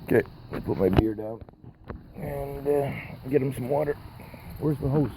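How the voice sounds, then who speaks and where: A man's voice: mid-range voice, creaky, background noise. A man chatting casually outdoors while feeding animals and filming, swearing a lot and tagging lines with "eh?". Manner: swears a lot, drawn-out "eh?" tags. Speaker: vlogger. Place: outdoors on a rural property. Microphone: handheld camera.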